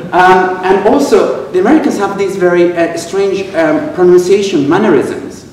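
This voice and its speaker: A man from Venezuela with a Venezuelan Spanish accent, giving a humorous speech at a club and pausing for laughs as he tells stories. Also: sits high, a little mellow, a little hiss or hum. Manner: storytelling with quoted exchanges, pausing for audience laughs. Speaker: club speaker. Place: club meeting room. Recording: echoey room, miked from a distance.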